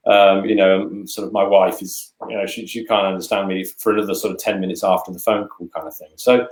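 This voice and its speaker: Speaking briskly in a low voice with little pitch movement, this British man co-hosts a webinar online. An English teacher, he chats casually but stumbles, repeats words, and uses lots of fillers; the video call audio has a roomy echo.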